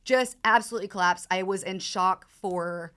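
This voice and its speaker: An adult woman in her thirties speaks at a middle pitch, neither high nor low. She stumbles through an emotional personal story as a podcast guest, restarting phrases and leaning on fillers as she goes. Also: a bit bright, clear, resonant tone. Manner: halting, repeats herself, many fillers.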